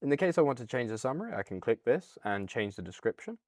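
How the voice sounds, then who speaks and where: A man with a British accent hosting a casual, upbeat software walkthrough, chatty with a few fillers. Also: medium pitch, sing-song, fast talker, no echo, clean studio sound. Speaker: product demo host.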